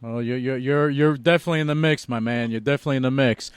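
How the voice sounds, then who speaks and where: A male radio host leads a relaxed interview, joking and teasing his guest along. His voice comes through smooth and resonant, recorded dry and close with no room sound. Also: medium pitch, fast, dry recording.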